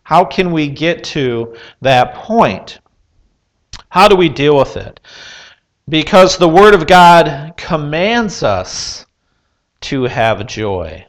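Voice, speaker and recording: A man preaching at an unhurried, deliberate pace, his voice sitting a little high for a man. He is earnest and measured, putting question after question to his listeners, with pauses and the odd filler. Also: very animated. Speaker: pastor. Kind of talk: sermon.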